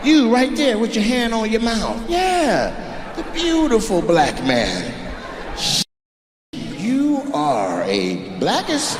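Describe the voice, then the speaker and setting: Loud, profane stand-up comic man. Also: high-pitched, big pitch swings, a little slow, echoey room, big-room sound. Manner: loud, profane, teasing the crowd. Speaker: stand-up comedian. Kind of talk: stand-up crowd work. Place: comedy club stage. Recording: noisy live club recording. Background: audience laughter.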